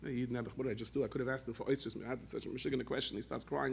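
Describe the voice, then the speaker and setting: A man giving a sermon, telling stories in an animated way and mixing in Yiddish and Hebrew words. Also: mid-range voice, very fast, creaky, slightly rough. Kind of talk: sermon storytelling.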